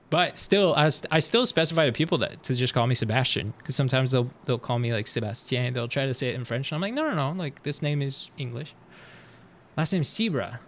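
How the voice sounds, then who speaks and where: A man streaming live, chatting casually with his viewers as he reacts to videos, animated and swearing freely. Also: mid-range voice, brisk, a little hiss or hum.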